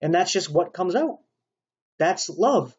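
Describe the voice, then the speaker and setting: Preacher, male, rambling stern sermon, husky fairly high voice, dull lo-fi recording. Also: very animated, slow pace. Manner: rambling, stern and insistent, with rhetorical "right?" asides. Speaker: online preacher. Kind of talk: spoken sermon monologue.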